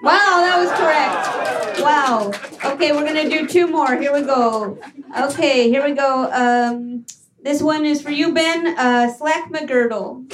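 A high-pitched woman hosts a live comedy game show, teasing contestants and laughing through her lines. Heavy crowd and room noise sit under her voice. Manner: playful, laughing, drawn-out repetitions. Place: small live comedy venue.

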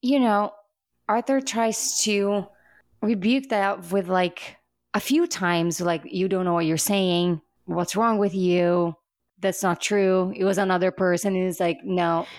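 Excitable woman gushing about a TV show. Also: mid-range voice, measured pace, no echo, clean studio sound. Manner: excitable and emphatic, repeats herself, laughs. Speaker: podcast co-host. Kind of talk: casual TV recap chat.

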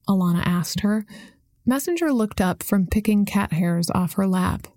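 Woman reading a novel out loud, steady and even, mid pitch, super dry close mic. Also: moderate pace, no echo. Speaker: audiobook narrator. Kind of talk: scripted narration.

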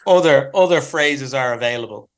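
A man's voice: mid-range voice, normal speed. A man co-hosting a comedy podcast, rambling and teasing as he tells stories. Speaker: podcast co-host. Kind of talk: casual comedic chat.

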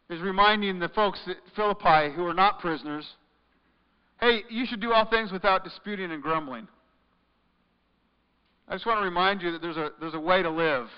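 A man preaching a sermon, reading scripture and urging his listeners, his delivery swinging between loud emphatic lines and quiet questions. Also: high voice, animated, normal speed, pauses often, clean tone. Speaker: pastor. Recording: muffled sound with long reverb in a large hall.

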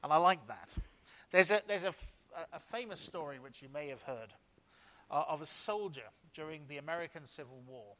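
A man's voice: fairly high pitch, animated, brisk, pushed and bright. Man preaching a story-led sermon. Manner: storytelling with frequent restarts. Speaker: pastor. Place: church.

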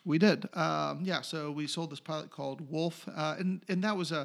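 A man's voice: fairly high pitch, moderate pace, vocal fry. A middle-aged man from North Carolina, a TV writer and producer telling stories in a casual interview and acting out other people's lines. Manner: animated, acts out others' lines.

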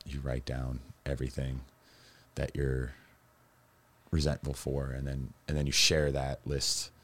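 A man with an extremely low, rumbling voice speaks as a guest about his own life. He rambles through his story with frequent fillers and self-corrections. He turns lively and animated when he recounts funny moments. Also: measured pace. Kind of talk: candid personal storytelling.

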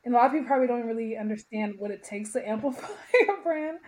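Female company founder, slightly raised pitch, upbeat, lots of laughter, casual interview tone. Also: fast, darkish tone, rough recording. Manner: cheerful, laughs often, upbeat.

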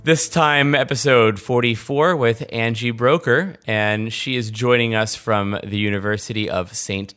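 A man's voice: fairly low pitch, fairly bright tone. A man hosting a podcast, chatting casually and animatedly with rambling asides. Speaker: podcast host. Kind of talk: casual interview chat.

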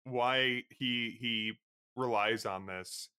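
Male podcast co-host, bright and resonant, casual theorizer. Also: medium pitch, steady tone, extremely slow, clean tone. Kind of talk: casual chat.

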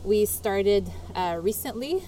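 A woman talks casually about her design community, playful and quick to joke. She giggles often between thoughts. Her voice is at a plain, middle pitch. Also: expressive, dark tone, slight background noise, rough recording. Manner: playful, silly, laughs a lot. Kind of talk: casual podcast chat.

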